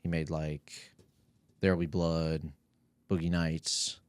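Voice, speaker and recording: A man's voice: a bass voice, level tone, slow, darkish tone, clear, resonant tone, no room sound. A young man chatting casually as a podcast guest, rambling, swearing and laughing through his stories. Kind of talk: casual chat.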